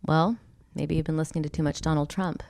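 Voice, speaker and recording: A woman co-hosting a relationship podcast in casual, dry, low-key banter. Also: steady tone, fast, creaky, darkish tone, no echo. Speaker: podcast co-host.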